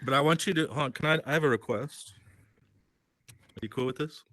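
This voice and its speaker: A man's voice: on the high side, fairly quick, fairly bright tone, dry recording. A man from Minnesota co-hosting a casual podcast, playful and swearing freely. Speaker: co-host.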